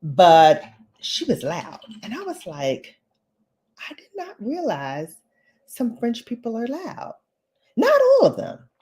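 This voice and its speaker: A woman with a New York accent, chatting playfully to viewers in a casual beauty vlog while doing her makeup. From New York, Bronx. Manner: animated with sudden high pitch jumps. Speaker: beauty vlogger.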